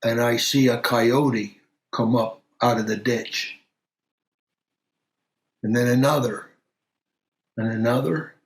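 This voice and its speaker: A man playing a calm country doctor telling a strange tale. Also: mid-range voice, echoey room. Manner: unhurried, halting storytelling with many pauses and fillers. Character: middle-aged male country doctor, calm storyteller. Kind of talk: audio drama acting.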